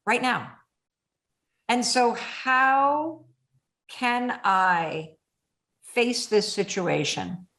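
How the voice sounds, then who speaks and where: A woman podcast host speaking candidly, an animated storyteller who acts out her own inner voice. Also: mid-range voice, reverberant. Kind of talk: candid conversation.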